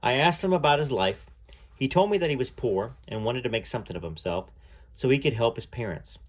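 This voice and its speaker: A man reading a first-person story aloud in a measured way, now and then pausing to add his own asides. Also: mid-range voice, lively intonation.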